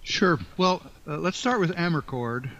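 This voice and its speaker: An older man being interviewed as an author, speaking in a halting, thoughtful way with many fillers and restarts. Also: fairly high pitch, lively intonation, fairly bright tone. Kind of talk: reflective interview talk. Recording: dull lo-fi sound.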